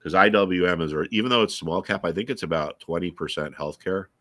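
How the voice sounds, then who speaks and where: Deep-voiced man rambling through market talk. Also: fairly quick, a bit bright. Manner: rambling, opinionated, many restarts and fillers. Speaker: trading educator hosting a live market stream. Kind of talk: casual live-stream market chat.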